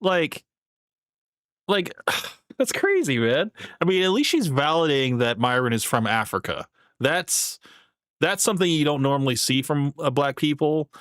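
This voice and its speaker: A man's voice: a little high, big pitch swings, unhurried, fairly bright tone, no echo, studio quality. Rambling man hosting a live stream. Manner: rambling, loose, heavy on filler words. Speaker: live-stream host reacting to a video. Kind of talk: casual chat.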